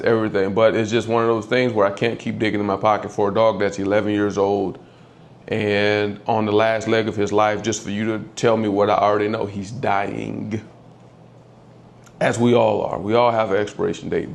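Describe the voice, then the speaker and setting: A man telling the story of losing his old dog, candid and halting, often close to tears as his voice drops. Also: gravelly. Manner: candid, halting, swears, voice drops low when upset. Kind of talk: emotional personal storytelling.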